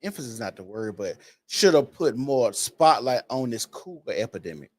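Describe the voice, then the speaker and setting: A man in casual podcast chat, quick and agreeable, often restarting his sentences. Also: medium pitch, sing-song, a little mellow. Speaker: podcast co-host.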